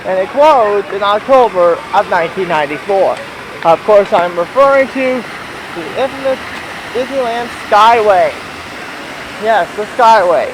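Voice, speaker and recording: A young man vlogging while walking outdoors in a theme park, rambling with restarts and slightly out of breath, recorded on a handheld camera. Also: high-pitched. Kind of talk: casual walking vlog. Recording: outdoor camera audio with loud ambient noise.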